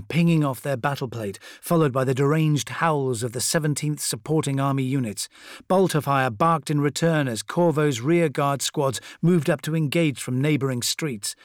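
A man reading a dramatic war story aloud as the narrator, in a measured style. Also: fairly high pitch, no echo, clean studio sound. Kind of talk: scripted audiobook narration.

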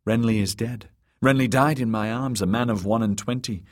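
A man voicing an earnest young woman warrior, in formal, steady audiobook dialogue. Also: mid-range voice, normal speed, voice pushed up, natural voice. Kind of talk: audiobook character voice.

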